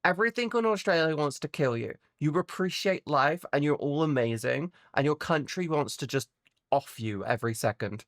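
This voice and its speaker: A woman's voice: low voice, lively intonation, moderate pace, dry recording, studio quality. Sweary, rambling woman streamer. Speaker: VTuber streamer. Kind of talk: casual chat with live chat viewers. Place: at home.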